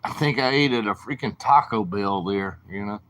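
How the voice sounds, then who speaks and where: A man's voice: on the low side, moderate pace, a bit bright. A man with a southern drawl, rambling casually to viewers on his late-night livestream. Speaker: livestream host.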